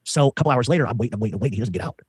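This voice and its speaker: A man's voice: medium pitch, animated, rapid-fire, breathy edge, dry recording. A man telling a long rambling story as an interview guest, full of fillers and quoted dialogue.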